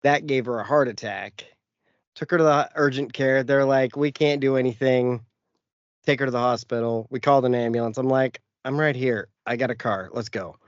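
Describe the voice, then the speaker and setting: A man hosting a casual podcast rattles off a profane story about a family run-in and acts out every quoted line. His voice sits at an ordinary male pitch. The recording is dry and slightly dull and lo-fi. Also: normal speed, dry recording. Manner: profane, animated anecdote with acted-out quotes. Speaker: podcast host.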